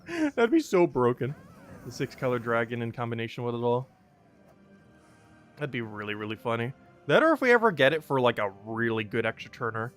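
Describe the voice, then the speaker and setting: Young male streamer, casual chatty commentary, laughs a lot, lively pitch, faint game music under. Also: fairly quick. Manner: chatty, laughs often, many fillers.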